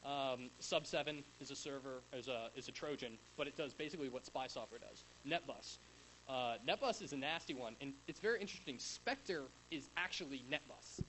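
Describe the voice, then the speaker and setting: A man's voice: mid-range voice, a little fast, fairly bright tone, a little hiss or hum, rough recording. A young man giving a casual, rambling talk at a tech conference in front of a live audience, with many fillers and restarts. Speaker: conference speaker.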